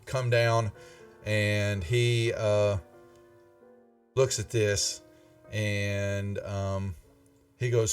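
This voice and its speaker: A man narrating a tabletop game as game master, halting and full of fillers. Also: lowish voice, flat delivery, clean tone. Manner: halting, many fillers and restarts. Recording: distant mic with faint music.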